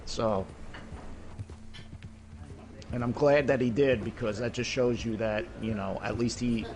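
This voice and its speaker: A man's voice: medium pitch, fairly even intonation, a little slow, a little mellow, a little hiss or hum. A middle-aged man in casual voice chat while gaming, rambling and swearing, peppering his talk with "you know what I mean". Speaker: gamer in voice chat.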